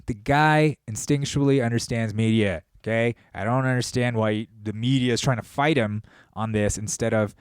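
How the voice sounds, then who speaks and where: A man hosting a podcast, delivering a profane, rambling, animated monologue. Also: lowish voice, no echo, clean studio sound. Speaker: podcast host. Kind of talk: casual monologue.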